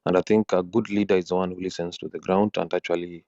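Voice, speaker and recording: A man speaks in a very low, flat, husky voice, earnest and halting, repeating words as he restarts his sentences. The audio is dull and dry, as from an online audio room. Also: dry recording. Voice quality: husky from just waking. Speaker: guest speaker. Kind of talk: spontaneous audio-room talk.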